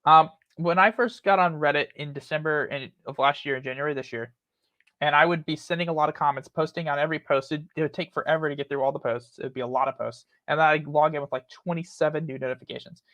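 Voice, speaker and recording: A man's voice: a little high, fairly even intonation, quick pace, fairly bright tone, dry recording, muffled recording. A rambling, chatty man hosting a casual talk stream, laughing often. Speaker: host. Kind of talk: casual chat.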